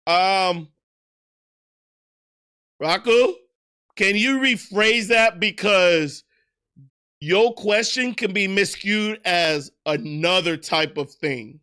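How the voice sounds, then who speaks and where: A man's voice: high-pitched, very slow, long pauses, pushed and bright, clear, resonant tone. A man chatting casually on a livestream, loose and profane, laughing at himself as he answers viewers. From United States. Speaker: streamer.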